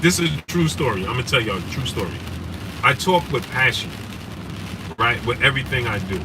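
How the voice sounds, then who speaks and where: With a mid-range voice, lively intonation and a slightly fast pace, a man hosts a casual sports live stream full of passion. Greeting viewers by name and often asking "right?", this husband and father is recorded on a distant mic amid clear background noise.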